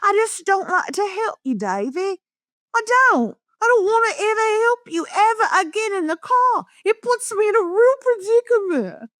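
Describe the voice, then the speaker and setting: A woman's voice: very high voice, very animated, normal speed, a bit bright, no echo, studio quality, pitched above the performer's own voice, heavily acted. A woman doing a put-on British accent as an exasperated wife scolding her husband in a comedy sketch.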